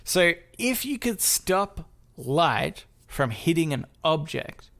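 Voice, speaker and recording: A man's voice: a little high, very animated, slow pace, gravelly, a bit bright. A man co-hosting a podcast in casual chat, rambling and poking fun at himself as he laughs. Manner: rambling, self-mocking, laughs often. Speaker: podcast co-host.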